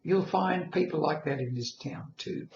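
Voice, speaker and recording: A man doing a calm old pipe smoker. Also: fairly high pitch, unhurried, gravelly, roomy sound, muffled recording, slight background noise.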